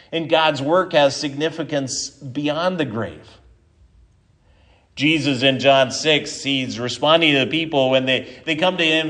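A man's voice: fairly high pitch, a bit bright. A middle-aged man, a pastor, preaching a conversational sermon that closes in prayer.

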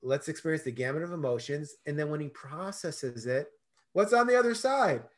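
High-voiced, animated man telling stories. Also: a little fast. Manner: expressive storyteller, acts out dialogue. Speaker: guest, self-love coach. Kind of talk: animated conversational interview.

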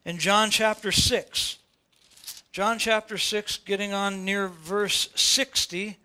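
Older guy pastor preaching, high bright voice, keeps hitting you with questions. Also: steady tone, slow pace, smooth. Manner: preaching with rising emphatic questions. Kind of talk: sermon. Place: church sanctuary before a congregation.

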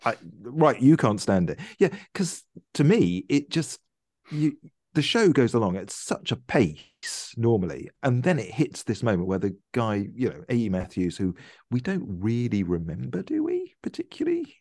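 A man's voice: mid-range voice, huge pitch swings, normal speed, a little mellow, no room sound. Chatty man, dry close sound. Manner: chatty, trailing off with restarts. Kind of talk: casual chat.

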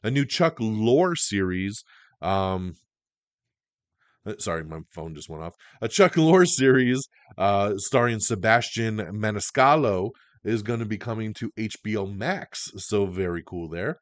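A man with a fairly low voice hosts a podcast and chats through the week's entertainment news. He is casual and slangy, and often gets excited. The sound is dry and close to the mic. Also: a little slow, dry recording. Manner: enthusiastic, slangy, chatty. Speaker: podcast host.

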